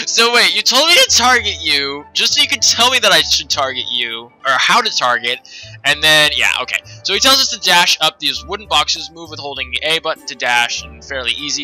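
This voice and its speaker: Bright-voiced rambling game commentator. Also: male voice, a little high, expressive, a little fast, faint music behind, low-quality recording. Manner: rambling, many fillers. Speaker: let's play host.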